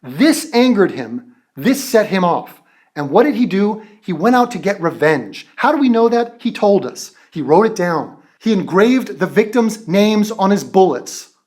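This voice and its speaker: A man's voice: high-pitched, very animated, unhurried, a little mellow. Profane, exasperated male commentator. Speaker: commentary channel host.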